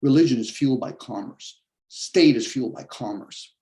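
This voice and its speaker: Man, profane philosophical rant, combative, mellow dark tone. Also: medium pitch, moderate pace. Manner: blunt, combative, swears heavily; acts out others' objections in mocking voices. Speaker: podcast host.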